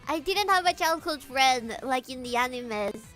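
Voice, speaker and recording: A woman streamer chatting casually with her viewers, animated, laughing often and swearing freely, with faint guitar music behind. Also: high voice, normal speed. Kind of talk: casual livestream chat.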